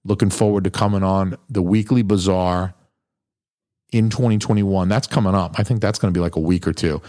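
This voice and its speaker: A man's voice: low voice, fairly even intonation, a little fast, dark tone, no echo, clean studio sound. A man hosting his podcast, talking in a crude, blunt, rambling way and swearing constantly. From New Hampshire. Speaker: podcast host. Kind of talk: profane casual monologue.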